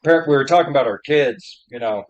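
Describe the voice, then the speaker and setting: A man's voice: mid-range voice, moderate pace, highs cut off, background noise. A man co-hosting a podcast, a father swapping profane stories in laid-back casual chat. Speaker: podcast co-host.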